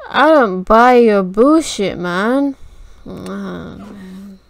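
A woman's voice: medium pitch, lively intonation, very slow, gravelly, dry recording, studio quality. A woman reacting to an anime episode, distraught and swearing as she talks back at the screen. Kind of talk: emotional reaction commentary.

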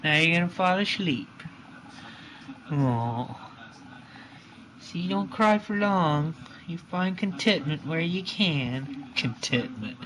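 A woman filming at home by a changing table, talking to a baby in soft, coaxing baby talk. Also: lowish voice, sing-song, takes it slowly, slight background noise, low-quality recording.

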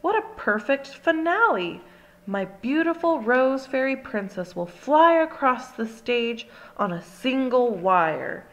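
A woman's voice: sits high, very animated, slow, fairly bright tone, pitched above the performer's own voice, full character voice, rough recording. Woman reader playing an enthusiastic grown-up ballet teacher, theatrical, storybook read-aloud. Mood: delighted. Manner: gushing, theatrical.

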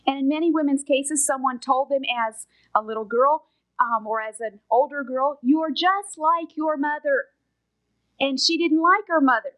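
High-voiced woman preaching earnestly. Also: normal speed, low-quality recording. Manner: earnest, emphatic, with soft whispered asides. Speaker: Bible teacher. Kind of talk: sermon.

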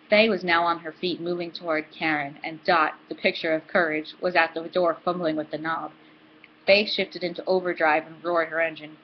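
A woman hosting a book club, reading a novel aloud in a steady, dry manner. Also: sits low, fairly quick, muffled recording, a little hiss or hum.

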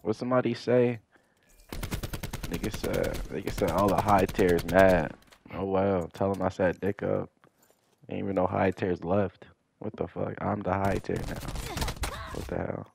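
A man's voice: low-pitched, fairly even intonation, measured pace, creaky, long pauses, background noise. A young man giving profane gameplay commentary, ranting in exasperation about how his opponents play. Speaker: gaming commentator.

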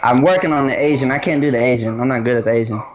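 A man's voice: medium pitch, racing, muffled recording. A man bantering casually on a gaming podcast, joking and mocking himself. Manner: joking, self-mocking, laughs often.

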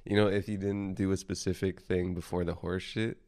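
A man's voice: sits low, little pitch movement, a little fast, darkish tone, no echo. A man co-hosting a podcast, trading profane, joking banter in casual chat. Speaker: podcast co-host.

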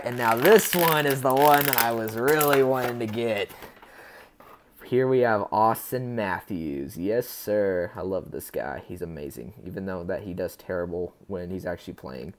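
A man's voice: on the low side, normal speed, background noise. A man hosting a casual unboxing video. He chats upbeat and rambling with his viewers and stumbles over player names as he goes. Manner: chatty and upbeat, talking to viewers. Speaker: unboxing channel host.

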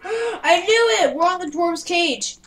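A woman with a very high, bouncy voice and an unhurried pace chats while she plays a game. She gasps and giggles a lot. Her voice sits well back from the mic. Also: far from the mic, slight background noise, rough recording. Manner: excitable, gasping and giggly. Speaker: Roblox player. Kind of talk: casual gameplay chat.

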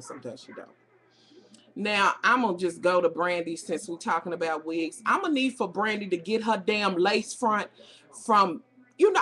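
In a mid-range, fairly bright, slightly rough voice, a middle-aged woman with a Southern US accent vents about reality TV on a webcam. The vlogger's casual rant is blunt and profane.

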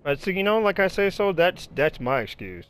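A man telling profane, animated stories in casual chat while playing a video game. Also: high voice, normal speed, clean tone, faint music behind. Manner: profane, animated storytelling, acts out other people's voices. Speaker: gamer chatting while playing. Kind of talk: casual chat over gameplay.

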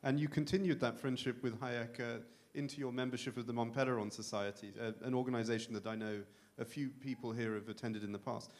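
A man's voice: mid-range voice, steady tone, fast talker, few pauses. A man interviewing a guest, asking a fluent, polite question.

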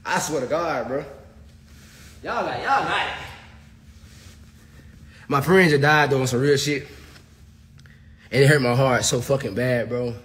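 A man talking straight to his viewers in a loose livestream rant. He swears freely and hammers his points home, ending line after line with "bro." His voice sits at an everyday middle pitch. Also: measured pace, pauses often, a bit bright. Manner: profane, emphatic, keeps saying bro.

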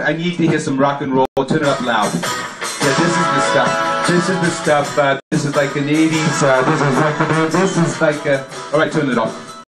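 A man's voice: fairly high pitch, lightly acted. A man playing a cranky, rambling male talk radio host who stumbles through fillers and restarts, then barks orders and throws callers off. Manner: abrupt outbursts barking orders. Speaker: comedy performer. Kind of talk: spoof talk radio monologue. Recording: echoey room with background noise.

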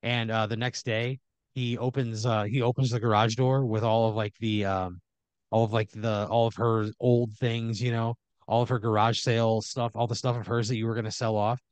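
A man's voice: mid-range voice, flat delivery, normal speed, clear, resonant tone, dry recording. Rambling man spinning an improvised tale. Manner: rambling, many restarts and fillers, chuckling. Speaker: podcast host telling an improvised story. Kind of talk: improvised comedic storytelling.

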